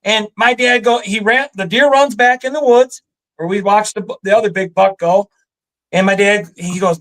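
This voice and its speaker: A man with a Michigan accent telling a hunting story in a relaxed chat, animated and laughing often. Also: high-pitched, normal speed, long pauses, poor audio. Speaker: guest storyteller. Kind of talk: casual storytelling.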